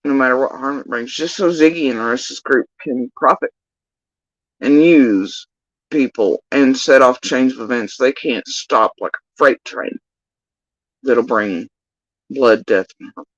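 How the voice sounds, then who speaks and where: A woman hosting reaction commentary, talking in a scornful, mocking way with sudden high-pitched jabs. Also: measured pace, pauses often, no room sound, highs cut off. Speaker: commentary host.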